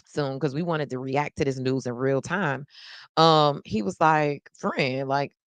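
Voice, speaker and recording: Animated woman hosting a live stream. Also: low-pitched, measured pace, dry recording. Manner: animated, chatty, talks straight to viewers; exclaims often and repeats phrases for effect. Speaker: host of a live news-reaction stream. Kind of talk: casual live-stream commentary.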